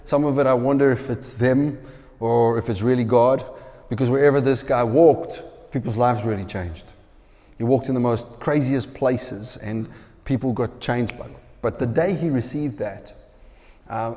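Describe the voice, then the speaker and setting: A man preaching a sermon, telling a story with lively, acted-out quoted voices. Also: mid-range voice, long reverb tail.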